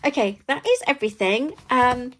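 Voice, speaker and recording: A middle-aged British woman chatting to camera for her budgeting vlog, rambling and getting excited as she goes. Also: sits high, normal speed, slight background noise. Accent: British English. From United Kingdom. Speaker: budgeting vlogger. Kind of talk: casual chat to camera.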